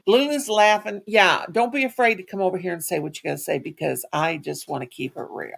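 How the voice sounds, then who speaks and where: Hosting a casual live chat on her channel, a woman speaks a little fast in a lowish voice with vocal fry. Her talk is folksy and rambling, sprinkled with Southern endearments like "sugar" and "honey."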